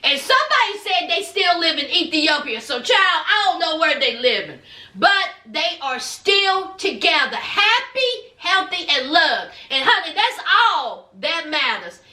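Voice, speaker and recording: A woman with a very high, bright voice drawls slowly through a sassy gossip recap. She keeps turning to her viewers with asides, and the room adds a clear echo. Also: very animated. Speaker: reality TV recap vlogger. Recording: echoey room.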